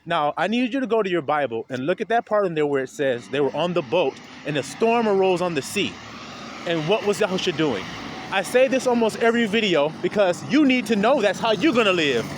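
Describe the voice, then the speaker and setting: A man preaching informally to his viewers outdoors in melting snow, talking straight to them and building to a loud preaching pitch. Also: a little hiss or hum. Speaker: street preacher. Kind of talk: informal outdoor video sermon.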